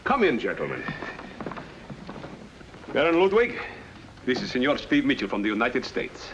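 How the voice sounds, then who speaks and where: An older European baron who is polished and eager to calm things down. His voice rises and falls widely. The old soundtrack is muffled with a faint hiss. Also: mid-range voice, normal speed. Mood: placating. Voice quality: polished, placating.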